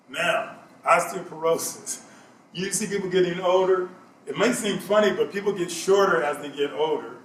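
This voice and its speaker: A man's voice: fairly high pitch, a bit bright, a little hiss or hum. A middle-aged man giving a health talk, emphatic and repeating his key points. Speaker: health speaker. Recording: echoey room, mic at a distance.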